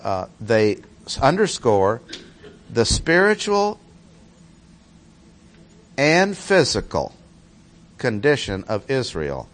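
A man's voice: mid-range voice, huge pitch swings, slow pace, pauses often. A man teaching through a Bible passage verse by verse, stressing key words by repeating them.

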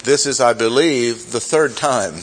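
A man's voice: mid-range voice, unhurried, slight background noise, rough recording. A man teaching through a Bible chapter in a sermon, reading verses aloud and stressing key words. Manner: reads scripture aloud, self-correcting asides. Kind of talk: expository sermon.

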